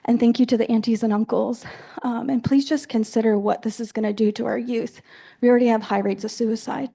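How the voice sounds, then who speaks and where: A woman's voice: on the high side, fairly even intonation, fairly quick, vocal fry, warm tone. A woman speaking frankly at a tribal assembly, casual and exasperated, with many fillers. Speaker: community member speaking at assembly. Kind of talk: impassioned floor speech. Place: large assembly hall.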